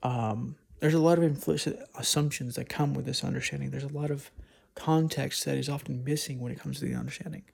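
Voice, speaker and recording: A man's voice: medium pitch, animated, a little fast, creaky, a little mellow, husky. A man talking alone on a casual podcast, thinking aloud and rambling with frequent restarts. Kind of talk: casual solo monologue.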